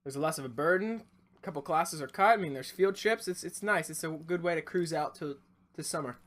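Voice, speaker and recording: A man's voice: on the high side, brisk, a bit bright. A man co-hosting a casual podcast, making dry teasing remarks. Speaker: podcast co-host, teacher. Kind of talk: casual chat while eating.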